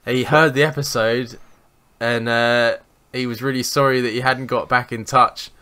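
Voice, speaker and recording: A young man, co-hosting a podcast and telling sweary, animated anecdotes in casual chat. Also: medium pitch, moderate pace. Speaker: podcast co-host.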